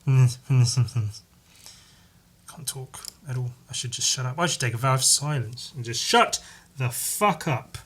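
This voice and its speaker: A man's voice: mid-range voice, moderate pace, few pauses, fairly bright tone, husky. Rambling, swearing podcast man. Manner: rambling, swears freely, many fillers. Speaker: podcast host. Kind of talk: casual solo podcast monologue.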